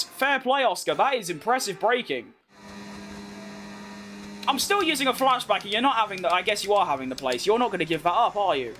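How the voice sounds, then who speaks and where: A young man with a British accent, chatting casually as he streams a racing game, reacting fast and poking fun at himself. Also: sits high, lively intonation, a bit bright, a little hiss or hum. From United Kingdom. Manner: chatty, quick reactions to the race, self-mocking. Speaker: gaming streamer. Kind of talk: live gameplay commentary while reading chat.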